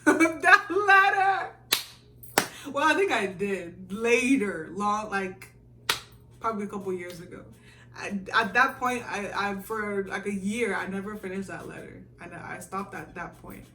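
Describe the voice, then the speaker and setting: Bright-voiced young woman telling a storytime. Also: medium pitch, recorded from a distance, a little hiss or hum. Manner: animated storyteller who acts out her own past reactions. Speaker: vlogger. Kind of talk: storytime vlog. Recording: roomy echo, mic set back.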